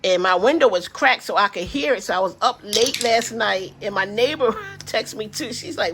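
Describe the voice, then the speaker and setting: Woman, older, grandmother, budgeting vlogger, easygoing chatty rambler, slightly high voice. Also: moderate pace, hardly any pauses, pushed and bright, slight background noise. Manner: chatty, rambling, addresses viewers as y'all. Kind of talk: casual chat to viewers.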